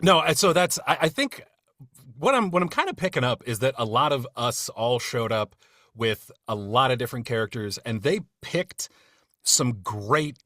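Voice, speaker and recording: A man's voice: medium pitch, animated, moderate pace, sharp tone, no echo, studio quality. A man leading a casual podcast chat among voice actors, friendly and rambling with many fillers and restarts. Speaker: cast member leading a retrospective discussion.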